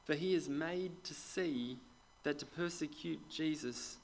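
A man preaching a sermon to a congregation in a conversational way, putting questions to the listeners and dropping into quiet asides. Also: a little high, slow pace, a little hiss or hum, rough recording. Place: church with a congregation.

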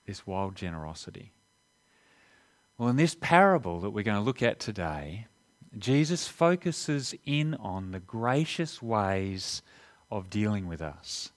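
Male pastor, lowish voice, sermon delivery with storytelling pauses. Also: lively intonation.

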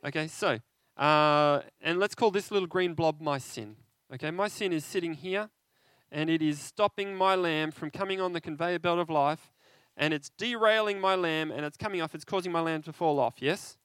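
A man preaching an interactive sermon, animated and conversational, often asking his listeners questions. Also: fairly high pitch, normal speed, few pauses, clean tone, no room sound.

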